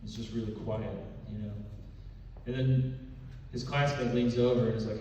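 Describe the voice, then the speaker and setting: A man performing a stand-up comedy set, telling a story in a deadpan way and dropping low and quiet for punchlines. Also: moderate pace, heavy reverb, in a large hall, far from the mic, lo-fi sound. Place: comedy club stage.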